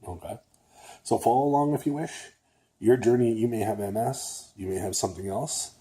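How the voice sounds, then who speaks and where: A man's voice: lowish voice, moderate pace, mellow, slightly rough. An older man, a retired nurse, talking casually to camera in a rambling way, a little nasal and often checking in with "okay?". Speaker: vlogger.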